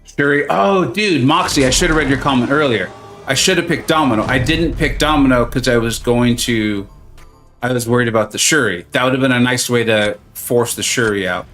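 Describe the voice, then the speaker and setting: A man's voice: medium pitch, fairly quick, fairly bright tone, faint music behind. A man chatting casually and joking with viewers while streaming a game, greeting them by name. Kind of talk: casual live-stream chat.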